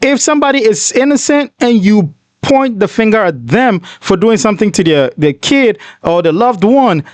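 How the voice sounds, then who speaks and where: A man's voice: high-pitched, expressive, normal speed, no room sound. A man hosting a casual reaction commentary, talking emphatically and indignantly, often calling the listener "bro". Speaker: reaction video host.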